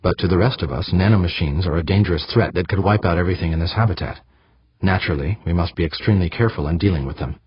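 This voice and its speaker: A man doing a smooth, patronizing woman official. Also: sits low, fast, dry recording, muffled recording. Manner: smooth, patient, condescending.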